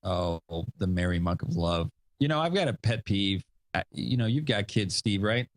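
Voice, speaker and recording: A man's voice: on the low side, expressive, normal speed, no echo. A male podcast host chatting casually, rambling with fillers and self-deprecating asides, a father of young kids. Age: adult with young kids. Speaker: show host.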